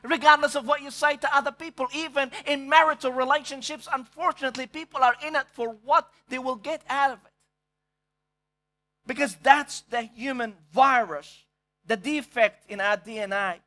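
Man, pastor, very high voice, emphatic sermon delivery. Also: steady tone, normal speed, pushed and bright. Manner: emphatic preaching, repeats words when searching.

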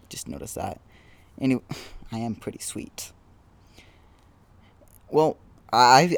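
Rambling young man podcasting outdoors. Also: medium pitch. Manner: rambling, self-deprecating, halting restarts. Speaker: podcast host. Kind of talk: casual solo podcast monologue.

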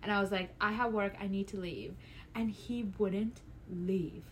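A woman in her twenties, casually chatting as a podcast co-host, acting out dialogue in a lively storytelling manner. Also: medium pitch, unhurried, a little hiss or hum. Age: 20s. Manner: animated storyteller, acts out dialogue, bursts into loud laughs. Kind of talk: casual chat.

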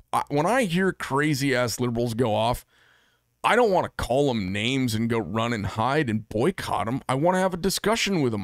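A man's voice: medium pitch, dry recording. A middle-aged American man who makes knives holds forth on his own, blunt and combative, swearing freely. His voice sits in an ordinary middle register. The sound is close and dry, with no room around it. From United States. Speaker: knife maker and channel host. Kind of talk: solo monologue to camera.

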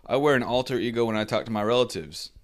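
A man co-hosting a casual comedy podcast, teasing his friends in deadpan banter. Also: mid-range voice, quick pace. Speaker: podcast co-host.

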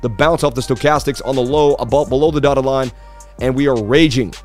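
Male streamer, boastful and pumped, slightly hoarse, middle register, soft music bed. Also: medium pitch, fairly even intonation, a little fast. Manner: hyped, boastful, talks straight to viewers. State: slightly losing his voice. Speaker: crypto market analysis livestream host. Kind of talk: casual livestream chart analysis.

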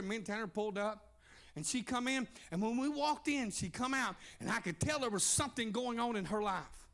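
High-pitched shouting preacher man, gravelly. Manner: shouting, preaching storytelling with frequent "uh". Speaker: pastor. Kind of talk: sermon.

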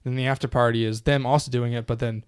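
A man co-hosting a casual podcast, animated and rambling, swearing constantly as he talks. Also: medium pitch, quick pace, clean tone, no room sound, studio quality. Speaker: podcast co-host.

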